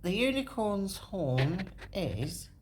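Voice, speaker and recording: A woman's voice: mid-range voice, sing-song, drawn-out words, background noise. A woman hosting a video, thinking aloud as she walks through a map. She corrects herself often and sometimes drops into a whisper. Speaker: video host. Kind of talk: rambling walkthrough on a map.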